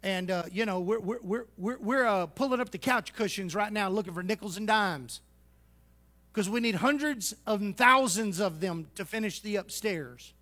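A man preaching a sermon, folksy and teasing, swinging from loud exhortation to hushed asides. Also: high-pitched, normal speed. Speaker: pastor.

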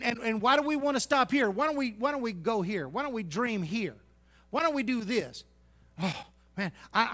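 A man preaching a sermon, folksy and teasing, swinging from loud exhortation to hushed asides. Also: very high-pitched. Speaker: pastor.

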